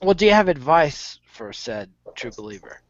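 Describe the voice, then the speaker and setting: A man's voice: fairly high pitch, very animated, normal speed, lo-fi sound, noisy background. Casual male podcast co-host. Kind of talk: casual chat, brief interjections.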